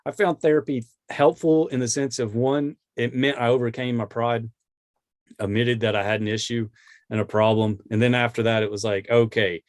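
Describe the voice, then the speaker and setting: A man's voice: mid-range voice, fairly even intonation, normal speed, dry recording, clean studio sound. A man hosting a podcast, talking in an easygoing, reflective way with lots of casual fillers. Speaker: podcast host.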